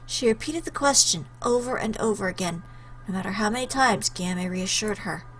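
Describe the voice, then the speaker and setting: Bright-voiced woman reading a visual novel. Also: mid-range voice, fairly quick, slight background noise. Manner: expressive, chatty asides. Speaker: let's play host. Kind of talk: visual novel read-aloud with commentary.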